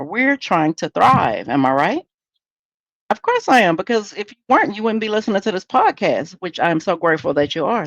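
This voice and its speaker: A woman's voice: lowish voice, no room sound. A woman hosting a solo podcast in a candid, conversational, preachy way. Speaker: podcast host.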